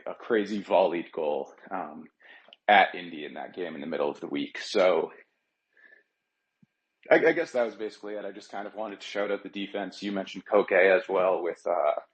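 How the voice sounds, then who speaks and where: Deep-voiced man calling in to a podcast. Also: moderate pace, poor audio. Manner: earnest, a bit rambling, many fillers. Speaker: caller, regular contributor. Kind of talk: casual call-in chat.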